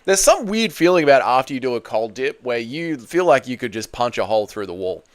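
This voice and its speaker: A young man casually chatting on a livestream, answering chat comments, swearing and breaking into loud excited bursts. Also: medium pitch, fairly quick, no echo. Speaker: livestream host.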